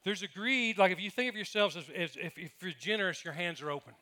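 A man's voice: high-pitched, fast talker, sharp tone. A man preaching a sermon as pastor, telling funny personal stories and acting out what people said. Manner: humorous storytelling with acted quotes.

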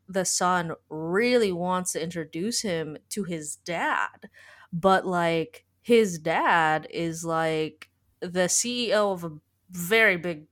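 A woman's voice: fairly low pitch, a bit bright. A woman podcast host in casual chat, retelling a story in a rambling way full of "like.". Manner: rambling, heavy use of filler "like".

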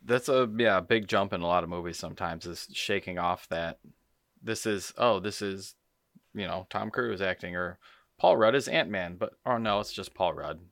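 A man's voice: low voice, normal speed, gravelly, a bit bright, dry recording, clean studio sound. A man co-hosting a podcast, chatting casually and tossing in wry, jokey asides. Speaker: podcast co-host. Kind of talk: casual chat.

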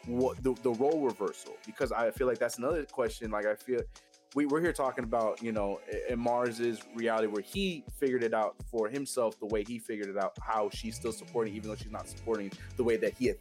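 Fast-talking man in casual podcast chat. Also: medium pitch, fairly even intonation, a little mellow, soft background music. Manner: rapid, rambling, frequent restarts. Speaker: podcast co-host.

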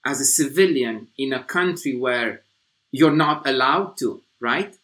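A podcast host from Romania guiding an interview in a measured, affirming way. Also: mid-range voice, fairly bright tone. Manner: measured, affirming, sets out disclaimers. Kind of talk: interview hosting.

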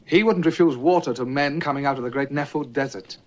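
An actor playing a young English officer in a film, speaking in a calm, measured, baiting way. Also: male voice, medium pitch, close to an everyday voice. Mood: cool baiting. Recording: dull lo-fi film soundtrack, faint hiss.

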